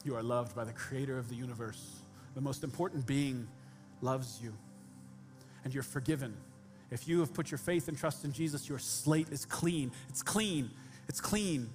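A man's voice: mid-range voice, normal speed, darkish tone, faint music behind. A man preaching a sermon as pastor, speaking directly and conversationally to his congregation with humorous asides.

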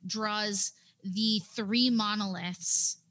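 A woman playing a tabletop game, describing her character's gestures step by step in a halting way. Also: mid-range voice, fairly even intonation, fairly bright tone. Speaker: player.

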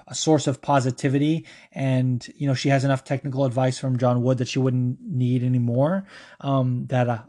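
A man's voice: mid-range voice, warm tone. A man hosting a podcast, casually answering fan questions in a loose, filler-heavy and profane way. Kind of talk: casual chat.

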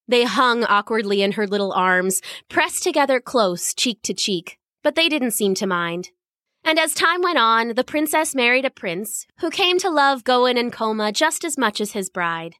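A woman host narrating a children's storybook in a lively, expressive way. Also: on the high side, unhurried, no echo, studio quality.

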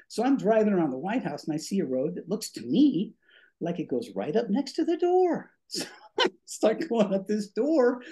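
An older man, a former radio DJ, telling stories as a guest, acting out voices and a bit short of breath. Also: high-pitched. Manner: animated, acts out voices in his stories. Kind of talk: storytelling in a podcast interview.

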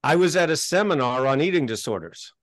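Animated middle-aged man, dry close sound. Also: on the high side, brisk, no echo. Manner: animated and emphatic, gets worked up. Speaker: interview guest. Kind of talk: storytelling in a podcast interview.

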